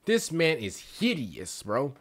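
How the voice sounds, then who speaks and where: A young man reacting to a video in casual commentary, excitable and slangy, stuttering and mock-outraged. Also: mid-range voice, takes it slowly, a crowd in the background. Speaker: reaction streamer.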